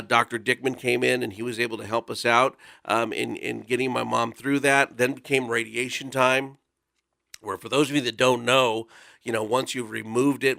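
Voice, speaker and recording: A man in his forties tells a personal story in a radio studio, speaking earnestly with plenty of casual fillers. His voice is gravelly and bright, and the sound is dry and close. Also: mid-range voice, no echo. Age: 40s. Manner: earnest, conversational, with frequent fillers. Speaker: volunteer guest speaker.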